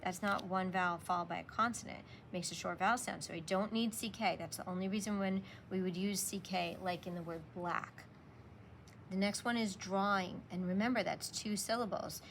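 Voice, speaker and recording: A woman's voice: mid-range voice, steady tone, moderate pace, fairly bright tone, slight background noise. A woman teacher walking young children through a spelling lesson, patiently sounding out letters and sounds.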